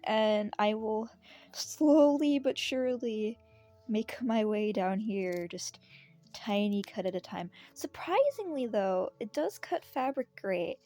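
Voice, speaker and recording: A woman with a sick, hoarse voice, chatting casually through a sewing vlog and laughing at herself. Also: mid-range voice, expressive, takes it slowly, soft background music. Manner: chatty, self-deprecating, soft laughs. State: out of breath. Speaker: sewing vlogger. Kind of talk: casual crafting vlog chat.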